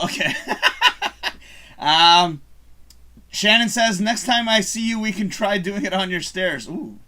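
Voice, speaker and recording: A man's voice: high-pitched, slow pace, pauses often, sharp tone. A man hosting a live stream show, chatting casually while drinking, rambling and chuckling as he reads viewer comments aloud.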